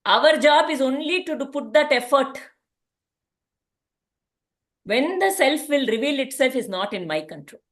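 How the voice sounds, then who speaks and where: A woman gives a spiritual talk in a gentle storytelling manner. Her voice sits a little high, and she often restarts her sentences as she goes. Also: animated, measured pace, pauses often. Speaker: spiritual teacher.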